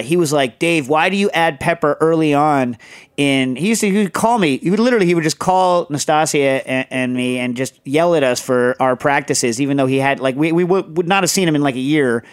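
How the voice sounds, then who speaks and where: A man's voice: fairly high pitch, a little fast, clean tone. A man hosting a podcast in casual chat, rambling and digressive with lots of fillers. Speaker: podcast host.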